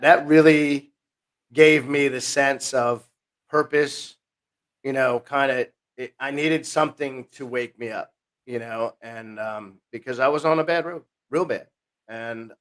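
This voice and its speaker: Casual storyteller: New man, fifties, podcast guest, restarts often and acts out quotes. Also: medium pitch. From New Jersey, USA. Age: 50s. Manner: rambling, self-interrupting, animated retelling with quoted voices.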